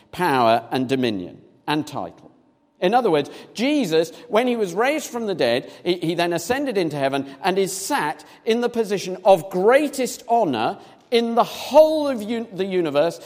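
A man preaching a sermon, animated, acting out little scenes in different voices as he reads and explains. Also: on the high side. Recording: long reverb of a large hall.

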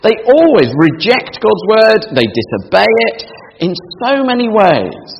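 A man's voice: high voice, dull audio, a little hiss or hum. Male preacher in a reverberant hall. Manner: asks the congregation questions, reads scripture aloud. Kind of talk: sermon.

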